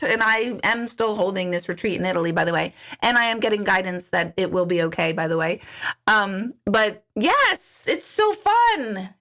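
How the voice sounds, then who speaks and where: A middle-aged woman, an intuitive coach, chats casually on her livestream, reading and answering viewer comments. Her voice is medium-pitched with a sharp tone, and she's chatty and giggly, restarting her sentences often.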